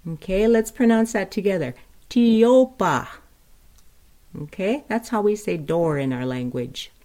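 A woman teaching vocabulary of her people's language, speaking slowly and patiently and repeating each word for listeners to say along with her. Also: fairly low pitch, expressive, warm tone. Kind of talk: spoken language lesson.

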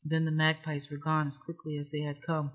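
Calm, measured storyteller. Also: mid-range voice. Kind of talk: scripted story narration.

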